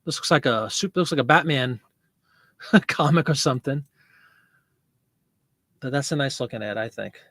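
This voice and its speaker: A man's voice: mid-range voice, moderate pace, long pauses, a bit bright, no echo, studio quality. A man hosting a casual live selling stream, chatting and laughing as he answers viewer comments. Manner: chatty, rambling, laughs often, reads viewer comments aloud. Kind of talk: casual livestream chat with viewers.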